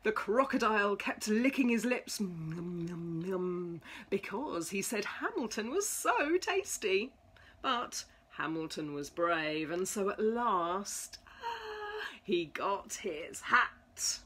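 A woman reading a children's storybook aloud, slow and expressive. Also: mid-range voice, slightly rough. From England.

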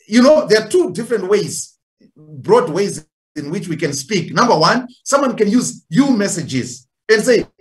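Lively, animated male preacher. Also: sits high. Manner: animated, acts out everyday phrases while teaching; repeats key phrases for emphasis. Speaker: guest speaker at a church family week. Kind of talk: sermon.

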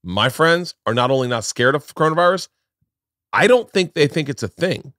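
A man's voice: fairly high pitch, expressive, normal speed, fairly bright tone, dry recording. Podcast host man, dry close sound. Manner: loose, emphatic storyteller with repeated restarts. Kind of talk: casual podcast chat.

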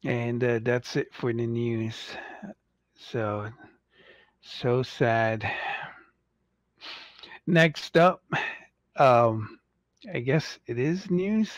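Slow-talking, jokey livestream host man. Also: no room sound. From United States. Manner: rambling and jokey, mocking impatient fans in squeaky voices. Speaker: toy collector livestream host. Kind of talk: casual livestream chat.

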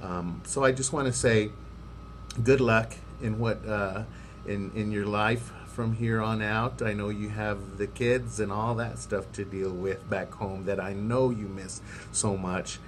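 A man's voice: on the low side, steady tone, measured pace, slight background noise. A man recording a farewell message to a retiring coworker, hesitant with frequent ums. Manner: warm, hesitant, many ums.

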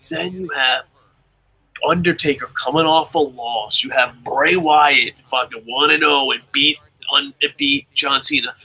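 A man's voice: a little high, slightly rough, poor audio. A young man hosting a podcast, chatting casually and profanely as he reads out listener comments. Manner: profane, rambling, excitable. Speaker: podcast host.

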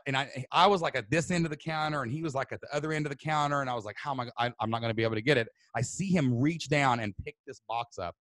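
A man, a podcast host telling a story loudly and excitably, then turning it into marketing advice. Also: medium pitch, no room sound. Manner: loud, excitable, fast-moving. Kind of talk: animated storytelling.

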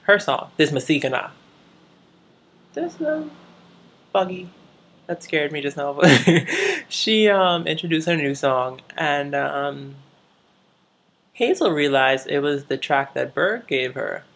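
A woman's voice: low voice, big pitch swings, slow pace, long pauses, fairly bright tone. A woman vlogger chatting casually while recapping TV shows, swearing freely and laughing often.

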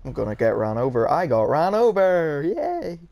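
A man's voice: medium pitch, lively intonation, moderate pace, creaky, darkish tone, no echo. A man giving wry, sarcastic commentary while playing a video game. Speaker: gameplay commentator. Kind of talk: casual gameplay commentary.

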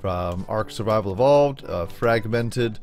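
Excitable slangy male gaming host. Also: on the low side, unhurried, soft background music. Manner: excitable, slangy, rambling, talks to himself while playing. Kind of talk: casual let's-play commentary.

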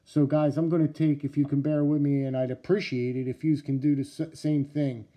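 A man with a New Jersey accent, talking casually to camera about his knife collection, halting with many fillers and restarts. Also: fairly high pitch, little pitch movement, dark tone.

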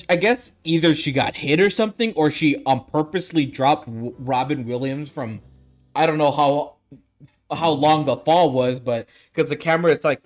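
A young man with a slightly raised voice chats loosely about a film and laughs a lot. He retells scenes by quoting the characters. Faint music plays underneath. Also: fairly high pitch. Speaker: podcast co-host. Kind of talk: casual movie review chat.

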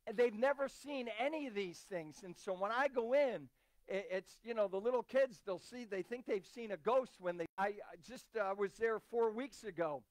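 High-voiced emphatic male preacher. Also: normal speed, dry recording. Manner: emphatic, repeats key phrases. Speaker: visiting missionary preacher. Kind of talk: sermon. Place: church.

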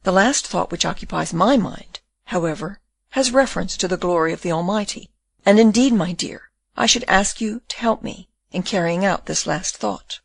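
A woman reading the part of a condemned young man in prison, speaking in a tender, calm and consoling way. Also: fairly low pitch, normal speed, gravelly, breathy edge, no room sound.

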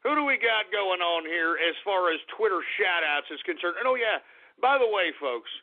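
A man hosting a talk radio show, brash and boastful, whooping and shouting with excitement. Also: high voice, moderate pace. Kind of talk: boisterous talk radio monologue. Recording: tinny phone-like radio audio.

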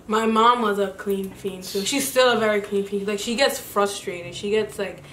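A woman's voice: medium pitch, steady tone, a bit bright, slight background noise. Young woman, slangy, laughing, casual chat, roomy distant sound. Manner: laughing, slangy, quick to chime in. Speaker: co-host. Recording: echoey room, mic at a distance.

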